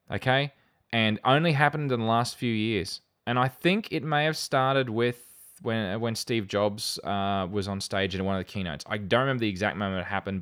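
Aussie guy hosting a podcast, lowish voice, wry and sarcastic, pretty animated. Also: clean tone. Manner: wry, animated, reads excerpts with dry sarcasm. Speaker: podcast host. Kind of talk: casual podcast chat.

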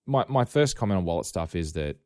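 A man's voice: sits low, big pitch swings, fast, darkish tone, no echo, clean studio sound. A man with an Australian accent hosting a casual tech podcast, rambling and wry, often correcting himself mid-sentence. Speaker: podcast host.

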